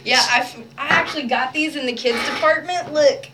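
A woman's voice: sits high, heavy background noise. Bubbly chatty woman radio host. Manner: bubbly, chatty, quick asides. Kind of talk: casual chat.

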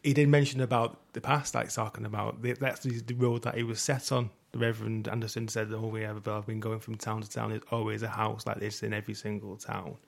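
A man's voice: fairly low pitch, little pitch movement, fairly quick, gravelly, hardly any pauses. A man, a podcast co-host in casual chat, laughing easily between points.

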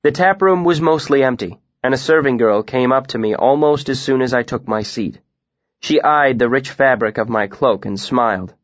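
A man narrating a story in the first person, in an even, measured way. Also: medium pitch, no room sound, muffled recording. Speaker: audiobook narrator.

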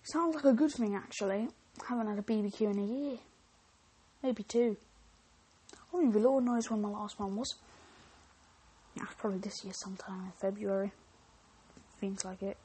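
A woman's voice: medium pitch, moderate pace, long pauses, mellow, husky. A woman podcast host reading online stories aloud, with chatty, joking asides and frequent self-interruptions.

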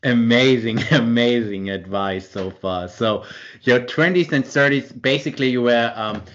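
A man's voice: mid-range voice, measured pace, a bit bright, lo-fi sound, a little hiss or hum. A man hosting an interview, asking hesitant, stammering questions. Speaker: host.

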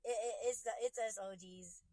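A woman's voice: mid-range voice, steady tone, normal speed, mellow, dry recording. A woman podcast host ranting casually on a livestream, speaking into a phone from her car. She talks bluntly and profanely, and she often restarts her sentences as she works herself up.

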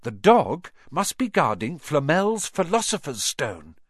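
A man voicing a bright, bossy schoolgirl witch who speaks urgently and insistently. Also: fairly high pitch, wildly swooping pitch, a little slow, breathy edge, no room sound, studio quality, voice pushed up, heavily acted. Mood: eager. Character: bossy clever schoolgirl, eager and impatient.

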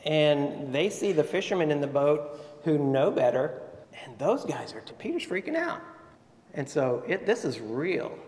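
A man's voice: a little high, sing-song, measured pace, a little mellow. Man preaching in a reverberant church. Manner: storytelling, asks the audience questions. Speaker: pastor. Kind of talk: sermon.

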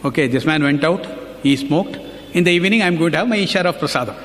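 A man's voice: fairly high pitch, fast talker, a bit bright. Man telling devotional stories in a hall. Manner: earnest, anecdotal, quotes others. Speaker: devotional speaker. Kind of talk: devotional storytelling talk.

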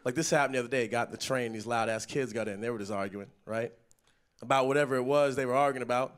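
A young man doing a stand-up comedy set on a festival stage, telling stories with animated delivery and sudden loud yelled impressions. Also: mid-range voice, fast talker.

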